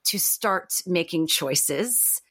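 A woman talking as a podcast guest in a reflective, animated way, with many fillers and restarts. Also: on the low side, very slow, slightly rough, dry recording. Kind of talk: casual podcast conversation.

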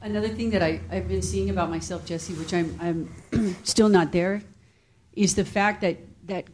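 An emotional woman sharing about her faith in a spiritual group, speaking softly and haltingly. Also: lowish voice, fairly even intonation. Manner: hesitant, halting, soft-spoken. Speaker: group participant.

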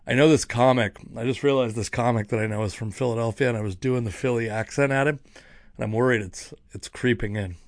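Fast-talking and medium-pitched, a young comedian from around Seattle, who also hosts a podcast, delivers a casual monologue of road stories. He rambles, pokes fun at himself and keeps restarting, with clean studio sound and no echo.

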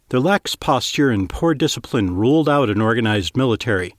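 A man reading scripted fiction narration in a steady, even storytelling manner, close to the mic. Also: medium pitch, fairly quick, hardly any pauses, dry recording.

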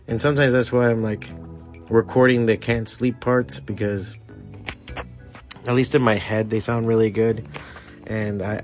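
A man hosting a solo podcast, rambling and swearing freely as he tells a loose story. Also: medium pitch. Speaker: podcast host. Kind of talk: casual solo podcast monologue.

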